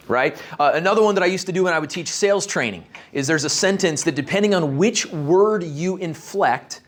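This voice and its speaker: Higher-voiced man talking to a networking group. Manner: conversational, asks the audience questions. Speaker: leadership speaker. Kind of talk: short talk to a networking group. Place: meeting room with a live audience.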